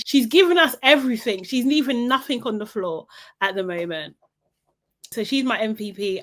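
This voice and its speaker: Young woman dishing on a reality show episode, chatty and animated, tons of "like" and "you know", mid pitch, laid back gossip vibe. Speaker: reality TV recap vlogger. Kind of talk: casual gossipy recap.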